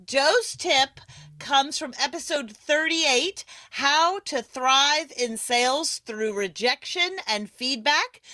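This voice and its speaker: A woman with a slightly high, sharp voice hosts a live online awards broadcast over a video call, chatty and enthusiastic and laughing often. The audio has no echo.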